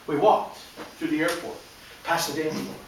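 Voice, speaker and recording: A man giving a humorous storytelling speech at a speech contest, theatrical and animated, in a large echoey hall recorded from far off. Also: fairly high pitch, moderate pace, slight background noise. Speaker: contest speaker.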